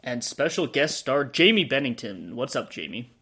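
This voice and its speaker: A man hosts a casual movie podcast and runs the intro at a brisk clip. His voice sits at a middle pitch, and he moves the show along. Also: big pitch swings, pushed and bright, breathy edge. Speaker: podcast host.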